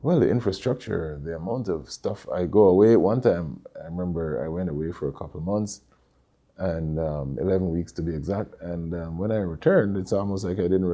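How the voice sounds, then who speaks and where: A middle-aged man with a Jamaican accent, telling stories in a relaxed interview with many fillers and restarts. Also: sits low, moderate pace. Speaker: interview guest, Caribbean store owner. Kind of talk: casual conversational interview.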